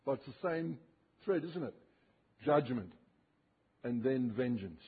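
Heard through a tinny, phone-like recording, a man gives an expository sermon with an animated, husky, mid-range voice. He reads scripture slowly and with emphasis, letting his voice swing through dramatic rises and falls.

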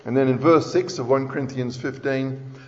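A man's voice: mid-range voice, normal speed, a little mellow. A man preaching a sermon in an earnest, emphatic way, reading scripture aloud. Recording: dull sound with long hall reverb.

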